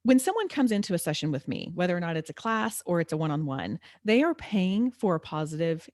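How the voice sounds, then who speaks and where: A woman's voice: on the low side, big pitch swings, a little fast, darkish tone, dry recording, studio quality. A woman, a fitness instructor talking candidly as a podcast guest, laughing often and stumbling over her words. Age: 40s. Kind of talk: casual podcast interview.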